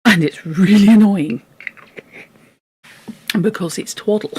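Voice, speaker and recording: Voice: medium pitch, takes it slowly, darkish tone, husky. A book club host chatting about a classic novel, exasperated and joking, with frequent asides. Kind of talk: casual chat and reading aloud.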